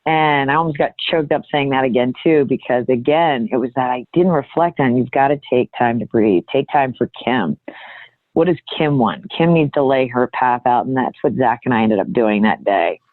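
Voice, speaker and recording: A woman's voice: extremely low pitch, no room sound. Earnest woman on a thin phone-like line. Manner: earnest, halting, with many restarts. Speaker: guest. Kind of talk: candid reflective storytelling.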